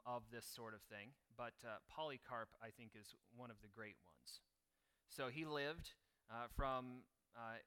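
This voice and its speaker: Bright-voiced man preaching. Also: medium pitch, smooth. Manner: conversational preaching, reading a martyr account aloud. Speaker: pastor. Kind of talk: sermon.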